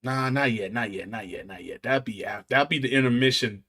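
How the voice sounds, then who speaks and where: Man, casual stream chat, slangy, thinking aloud, middle pitch. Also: fairly quick, sharp tone.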